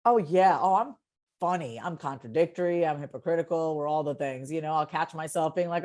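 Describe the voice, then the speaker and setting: A low, fairly quick female voice belongs to a podcast guest in casual conversation, energetic and animated. She often repeats words when excited or building a point, and she talks herself through it out loud.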